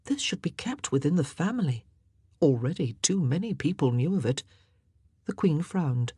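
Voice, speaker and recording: A woman reading a historical novel aloud as audiobook narrator, in an expressive, measured storytelling manner. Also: low-pitched, breathy edge, no room sound, studio quality.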